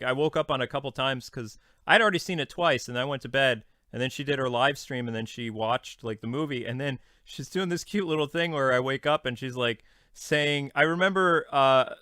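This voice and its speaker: A young man hosting a podcast in casual chat, relaxed and matter-of-fact as he answers listener questions. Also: medium pitch, no echo, studio quality. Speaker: podcast host.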